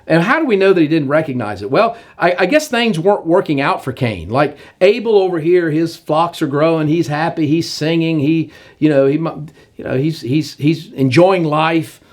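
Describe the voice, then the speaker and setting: A man preaching a sermon in animated storytelling, acting out the characters as he goes. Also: a little high, moderate pace.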